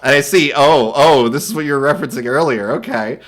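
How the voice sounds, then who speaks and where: A young man streaming, casually reacting to viewer art and reading its captions aloud, laughing often and slipping into quick silly voices. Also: medium pitch, fairly bright tone.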